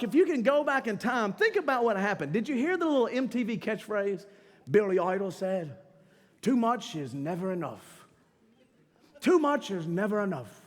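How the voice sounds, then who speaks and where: A middle-aged male pastor giving a casual, humorous sermon, slangy and animated, talking straight to the crowd and breaking into shouts. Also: high voice. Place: church sanctuary during a live service. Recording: long church-hall reverb with faint music behind.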